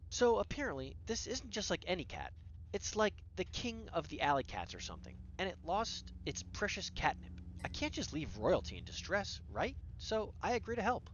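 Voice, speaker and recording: A narrator telling a whimsical story as a casual, conversational voice-over, animated with dramatic pauses. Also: mid-range voice, highs cut off, a little hiss or hum.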